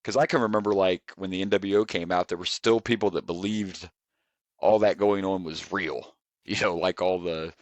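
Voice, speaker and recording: A man co-hosting a podcast that reviews wrestling, talking in a relaxed, rambling way with frequent chuckles. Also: low voice, normal speed, dry recording. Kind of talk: casual chat.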